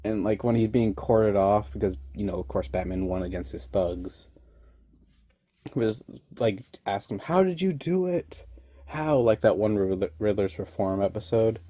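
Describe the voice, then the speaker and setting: A man's voice: lowish voice, fairly even intonation, normal speed, mellow. A young man casually recapping an episode, rambling and laughing often. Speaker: online reviewer.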